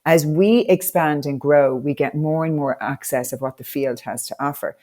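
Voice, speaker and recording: Warm and low-voiced, this Irish coach speaks at a moderate pace as a podcast guest. She shares stories in a conversational interview, bringing upbeat, motivational enthusiasm.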